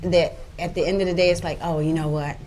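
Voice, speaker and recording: A woman's voice: lowish voice, little pitch movement, fast talker, music in the background. Blunt woman on a talk panel. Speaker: panel guest.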